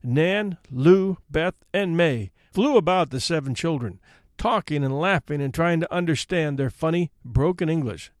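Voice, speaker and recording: A man hosting a story podcast, reading a classic tale aloud with expressive narration. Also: on the high side, unhurried, no echo, studio quality.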